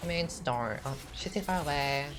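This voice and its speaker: Young woman, very low voice, sassy chatty gameplay commentary, game music behind. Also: moderate pace. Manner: chatty, sassy, filler-heavy with lots of "like". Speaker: gaming streamer.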